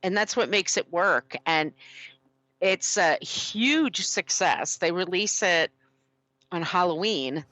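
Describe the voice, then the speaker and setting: A woman co-host on a casual film podcast, talking in a bright, forceful tone with a slightly low pitch. She tells behind-the-scenes stories with eager energy and the odd swear word. Her voice is close on the mic and completely dry. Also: lively intonation, slow, dry recording. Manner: enthusiastic storytelling, casual swearing. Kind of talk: casual movie discussion.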